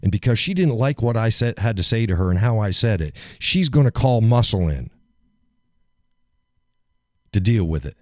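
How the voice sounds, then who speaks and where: A man's voice: fairly low pitch, lively intonation, moderate pace, long pauses, darkish tone, no echo, clean studio sound. A middle-aged man hosting a live show, casually retelling a story, acting out quotes, swearing freely and laughing often.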